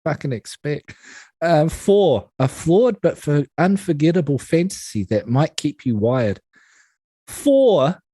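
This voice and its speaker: Animated, ranting man with mellow voice. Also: on the high side, unhurried, no echo. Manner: animated, exasperated ranting with swearing. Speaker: podcast co-host. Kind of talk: casual film review chat.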